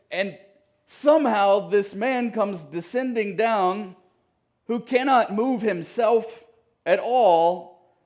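Pastor, male, slightly higher voice; relaxed, joking sermon delivery in a church. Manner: conversational, joking asides to the congregation. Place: church sanctuary.

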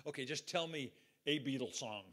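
A man's voice: medium pitch, normal speed, a bit bright, close to an everyday voice. A man voicing a curt, offended male music star in a sermon story. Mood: indignant.

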